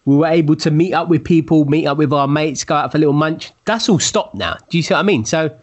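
A man's voice: on the high side, fast. A man co-hosting a casual podcast chat over a video call, rambling loosely with lots of fillers. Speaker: podcast co-host.

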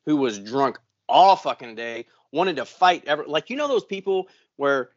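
A man on a podcast spins a long, swear-filled story in a loose, rambling way. His voice sits a little high for a man. The recording is dry and a bit dull. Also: lively intonation, moderate pace, no echo. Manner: profane, rambling storyteller who acts out other people's voices. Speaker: podcast co-host. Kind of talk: casual storytelling chat.

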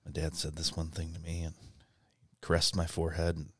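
A man doing a soft, gushing parody voice of a sentimental grown man. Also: extremely low pitch, monotone, a little fast, husky, no echo, clean studio sound, pitched below the performer's own voice, exaggerated voice. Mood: syrupy. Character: mock-sentimental impression of a friend, grown man.

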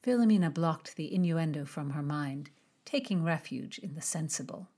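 Low-voiced woman narrating an audiobook. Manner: measured, expressive storytelling. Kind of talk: scripted narration of a historical romance.

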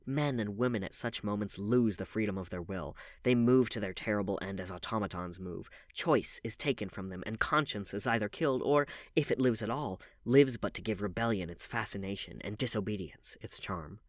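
A man reading a classic novel aloud as audiobook narration, in a measured, even manner. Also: on the low side, no echo, clean studio sound. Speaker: audiobook reader.

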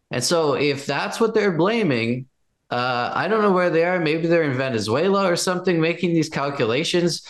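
A man giving political commentary in a conversation, forceful and indignant, building his case with examples. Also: fairly high pitch. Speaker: guest commentator.

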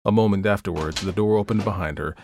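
A man narrating a classic story in a measured, even storytelling manner. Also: lowish voice, a little hiss or hum. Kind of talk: audiobook reading of classic fiction.

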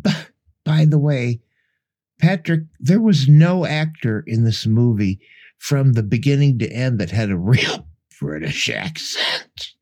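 A man's voice: mid-range voice, lively intonation, slow pace, a little mellow. A man co-hosting a podcast, dryly recapping the plot of a bad old movie. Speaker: podcast co-host.

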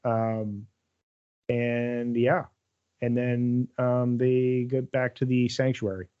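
A man's voice: mid-range voice, flat delivery, slow, clean tone, muffled recording. A man co-hosting a podcast, recapping an episode in a loose, rambling way full of fillers. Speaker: podcast co-host. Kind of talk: casual chat recapping a TV episode.

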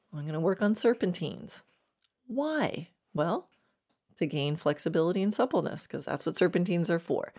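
A woman's voice: fairly low pitch, warm tone. A woman riding coach giving a reflective instructional talk about planning horse training, with a laugh now and then.

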